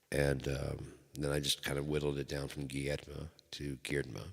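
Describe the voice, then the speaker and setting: Host type: a very low-voiced man telling stories in a loose, profane ramble, with a reverb tail. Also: completely flat delivery, moderate pace, vocal fry. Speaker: channel host. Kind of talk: rambling solo talk. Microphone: microphone. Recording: long hall reverb.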